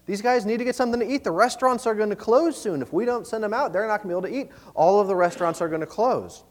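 A man's voice: sits high, rapid-fire, pitched above the performer's own voice, natural voice. A man preaching, voicing worried disciples as anxious, pleading men who question their teacher. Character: worried, reasonable male disciples, adult men. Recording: long reverb of a large hall.

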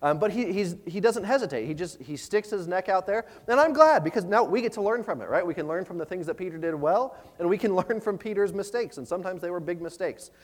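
A pastor giving an earnest, conversational sermon, often repeating words and using fillers. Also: male voice, sits high, expressive, fast, hardly any pauses. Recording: long reverb of a large hall.

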